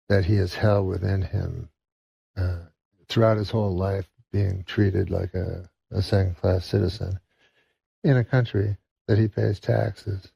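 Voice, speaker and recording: A man from Canada telling a long rambling joke in a deadpan, hesitant manner. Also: fairly low pitch, vocal fry, slightly rough, no echo, highs cut off. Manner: meandering, deadpan, many hesitations. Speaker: comedian guest.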